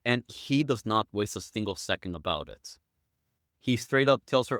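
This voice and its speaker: A man's voice: fairly low pitch, lively intonation, moderate pace, fairly bright tone, dry recording, clean studio sound. A man guesting on a podcast, chatting casually and acting out quotes with enthusiasm. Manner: enthusiastic storyteller, acts out quotes.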